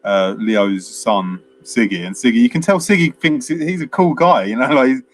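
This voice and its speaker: A man co-hosting a podcast chats casually about films, retelling scenes at length and using lots of fillers. His voice is medium-pitched at a normal speed, and there's a little hiss or hum on the recording.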